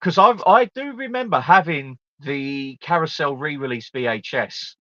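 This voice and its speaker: A man hosting a casual film chat on a live stream, chatty and animated as he recalls movie scenes. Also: a little high, normal speed, dry recording. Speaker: host. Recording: dry, muffled stream audio.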